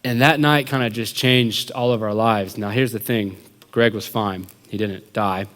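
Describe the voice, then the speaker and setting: A man's voice: on the low side, unhurried. Man preaching with long hall reverb. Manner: animated storyteller, acts out quotes, many "like" fillers. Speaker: young adults pastor. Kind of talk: storytelling sermon. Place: church hall.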